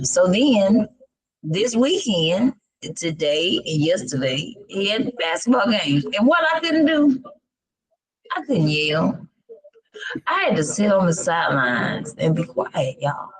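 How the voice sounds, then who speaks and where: Hoarse, animated woman co-host. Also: on the low side, slow pace, low-quality recording. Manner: animated, churchy exclamations. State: hoarse, lost voice. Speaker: podcast co-host. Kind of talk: casual chat.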